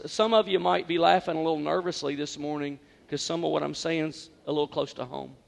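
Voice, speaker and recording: A man's voice: a little high, vocal fry, in a large hall. A male pastor preaching an Easter sermon in a church, talking in a conversational, heartfelt way with frequent restarts and repeated words. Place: church sanctuary.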